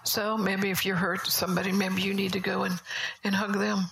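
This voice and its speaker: A woman preaching a sermon at a church service, telling stories in a conversational way, often soft and whispery. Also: medium pitch, level tone, normal speed, creaky, poor audio.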